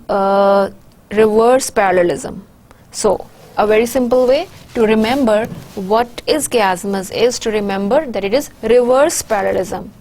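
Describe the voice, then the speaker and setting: A woman with a Pakistani English accent giving a recorded university lecture, speaking in a measured way with frequent "uh" pauses as she explains terms. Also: a little high, a little mellow.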